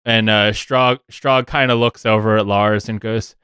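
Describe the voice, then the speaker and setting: Man, game master, tabletop game narration, low pitch, dry close sound. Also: fairly even intonation, bright, forceful tone, clear, resonant tone, no room sound. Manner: halting, many fillers and restarts, chuckling.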